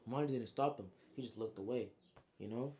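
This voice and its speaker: A man's voice: mid-range voice, brisk, dark tone, slight background noise. A young man casually recapping his own story in heavy slang, adding spoken sound effects as he goes.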